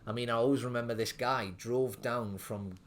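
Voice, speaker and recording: This man appears as a guest on a laid-back podcast interview, where he's a restaurant owner recounting his story. He rambles and drops "like" constantly, speaking at a normal speed in a steady, medium-pitched voice.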